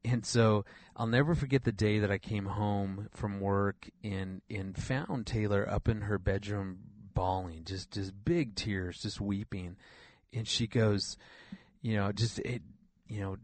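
Middle-aged male guest, low voice, earnest storyteller, stumbles and repeats words, dry studio mic. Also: fairly even intonation, measured pace, dry recording. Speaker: regular guest, relationship counselor. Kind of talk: radio interview, storytelling.

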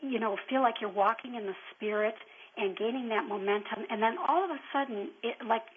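A woman calls in to a radio show and asks her question hesitantly, searching for words. Her voice is fairly high and comes over a tinny phone line with a faint hiss. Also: brisk. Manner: hesitant, searching, many fillers. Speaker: caller. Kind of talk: call-in question.

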